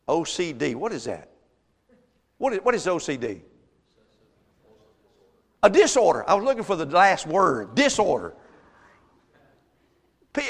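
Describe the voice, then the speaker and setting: High-voiced preacher in a reverberant church. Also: male voice, fairly bright tone. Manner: emphatic preaching with rhetorical questions. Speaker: pastor. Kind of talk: sermon.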